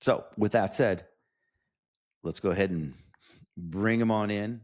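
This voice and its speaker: A man's voice: fairly low pitch, a little slow, a little mellow. A man hosting a podcast interview, talking enthusiastically and effusively, often restarting his phrases. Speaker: podcast host.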